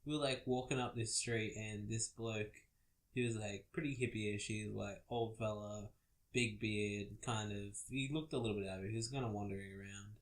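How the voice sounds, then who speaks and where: A man's voice: lowish voice, steady tone. A man co-hosting a casual chat, telling an easygoing story and laughing along. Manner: easygoing anecdote teller, quick to laugh. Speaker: co-host.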